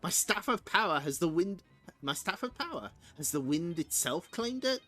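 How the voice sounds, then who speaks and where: A man's voice: high-pitched, big pitch swings, normal speed, sharp tone, faint music behind, heavily acted. A man reading aloud and voicing an arrogant, power-hungry alien god-king from a comic, in a grandiose, commanding way.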